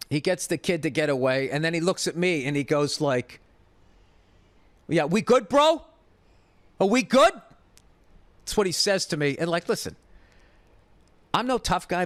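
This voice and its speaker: Middle-aged male comic host; exasperated, profane storyteller, slightly high voice, dry recording. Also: no room sound. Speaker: comedian host.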